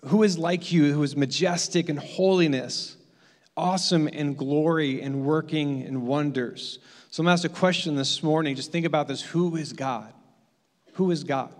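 A man's voice: a little high, long reverb tail. A man preaching a sermon as pastor, building his points through emphatic repetition.

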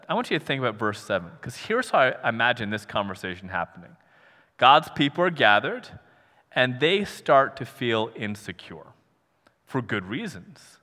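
A man preaching a sermon as pastor, animated, acting out imagined voices and laughing now and then. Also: medium pitch, moderate pace. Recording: long hall reverb.

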